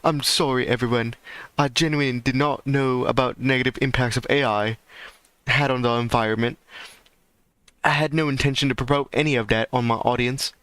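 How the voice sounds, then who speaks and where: A man's voice: medium pitch, fairly even intonation, a little fast, a bit bright, clean tone, no echo, natural voice. A man putting on a contrite young British guy. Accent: put-on British. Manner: stiff, contrite apology.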